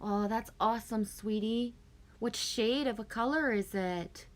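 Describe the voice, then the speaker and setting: A woman's voice: a little high, a little slow. A woman hosting a casual live stream, chatting with viewers, reading their comments aloud and laughing often.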